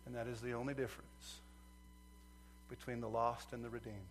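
A male preacher delivering a sermon, swinging from loud fervent outbursts to quiet earnest asides. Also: mid-range voice, little pitch movement, fairly quick.

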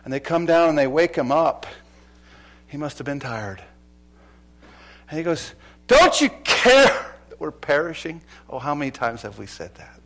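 A male pastor preaching a sermon with passion, swinging between loud exclamations and quiet, low drops. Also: normal speed, long pauses.

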